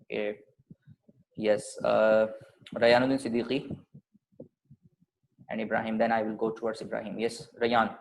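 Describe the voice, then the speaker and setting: A man teaching a class over a video call, explaining patiently, often pausing with fillers and checking in with "okay". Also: lowish voice, flat delivery, vocal fry, slight background noise, poor audio. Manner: patient, explaining with many fillers and repeated okays. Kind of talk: online class lesson.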